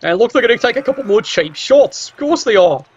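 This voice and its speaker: A man doing play-by-play commentary of a video game match, with cheeky, sardonic asides and sudden jumps up in pitch. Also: animated, brisk, husky, highs cut off.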